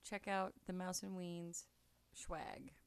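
A woman co-hosting a podcast in casual chat, playful and quick to jump from one topic to the next. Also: on the low side, fairly even intonation, clear, resonant tone. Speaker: podcast co-host.

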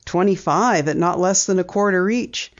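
A woman's voice: lowish voice, moderate pace, natural voice. A woman reading an audiobook, voicing a cheery teenage girl who fondly scolds her friend. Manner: cheery, indignant. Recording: dull lo-fi audiobook recording.

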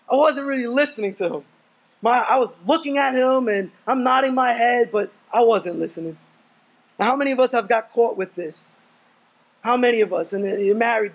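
A man's voice: very high-pitched, muffled recording. A young adult man preaching a sermon in a casual, conversational way, telling stories with asides. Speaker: pastor.

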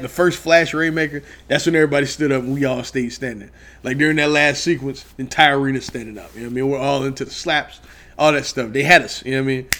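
A man casually recounting a trip in a profane, excitable rant, peppered with "you know what I mean.". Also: medium pitch.

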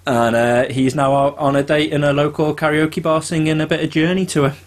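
A man co-hosting a casual podcast, talking in a relaxed way with lots of ums and uhs. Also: on the high side, a little fast. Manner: relaxed, filler-heavy, laughs at jokes. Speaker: podcast co-host. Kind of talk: casual chat.

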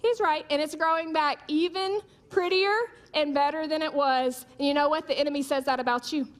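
A woman delivers a sermon in a high, bright voice. She makes emphatic repeated declarations and mixes in humorous stories. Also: steady tone, a little fast. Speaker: preacher.

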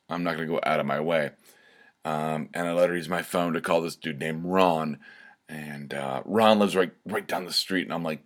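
A man with a very low, deep voice tells a personal story in a loose, rambling way. He keeps circling back with fillers and side comments as he talks. It sounds like casual spoken storytelling. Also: fairly bright tone. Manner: rambling, conversational, with fillers and asides.

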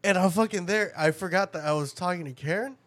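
A man's voice: high voice, fast talker, fairly bright tone. A man in casual chat, telling crude stories with lots of laughter and acted-out quotes. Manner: crude, laughing storyteller who acts out quotes.

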